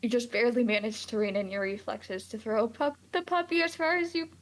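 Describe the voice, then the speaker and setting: A young woman streamer with a high-ish, fairly quick voice reads a text horror game aloud, with music playing in the background. She's playful and laughs often, breaking into baby talk to coo at pets.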